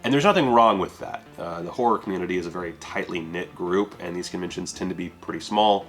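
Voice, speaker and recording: A man's voice: deep voice, fast talker, soft background music. A man casually reviewing a home video release, offhand and self-deprecating, with casual swearing.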